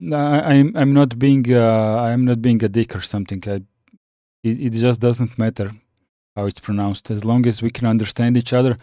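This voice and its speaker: A man chatting casually on a live stream, reading out viewer comments and answering with frequent pauses and restarts. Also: mid-range voice, steady tone, warm tone, no echo, clean studio sound. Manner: halting, many fillers and restarts, reads chat aloud.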